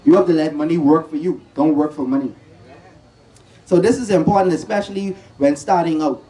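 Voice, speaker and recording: A man's voice: fairly high pitch, brisk, warm tone, poor audio. A man giving a financial talk, asking rhetorical questions and restarting his sentences often. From Bahamas. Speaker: presenter at a credit union talk.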